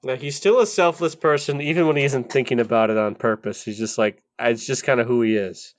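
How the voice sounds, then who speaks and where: A man co-hosting a podcast, chatting in a relaxed, reflective way about a film. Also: mid-range voice, brisk. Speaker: podcast co-host. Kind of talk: casual film discussion.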